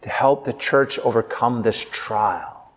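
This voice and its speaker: Earnest priest preaching in a reverberant church. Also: male voice, mid-range voice, slow. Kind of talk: sermon.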